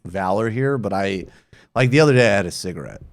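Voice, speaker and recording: Low-voiced man, teasing and casual. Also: animated, quick pace, no room sound. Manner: wry, teasing, trails off into mumbles. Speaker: podcast host. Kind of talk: casual joking chat.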